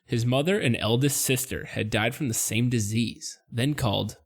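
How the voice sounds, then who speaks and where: A man co-hosting a casual podcast, easygoing and quick to laugh as he tells the story. His voice sits at a middle pitch, and he leans on plenty of fillers. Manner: laid-back, laughing, lots of fillers. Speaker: podcast host presenting the topic.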